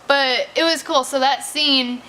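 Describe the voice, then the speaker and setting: A woman's voice: high voice, fairly even intonation, unhurried, sharp tone, a little hiss or hum. A woman casually reviewing a movie, chatty and profane, peppering her talk with "like". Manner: chatty, profane, heavy use of "like". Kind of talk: casual chat.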